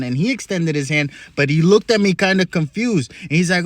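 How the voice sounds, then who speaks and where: A young man and comedian telling a story in an excitable, profane way, full of quick asides. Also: high voice, no echo. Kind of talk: comic storytelling.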